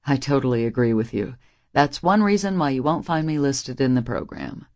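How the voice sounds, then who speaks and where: A woman voicing a guarded young male musician in an audiobook, speaking low, firm and wry. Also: animated, moderate pace, darkish tone. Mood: teasing.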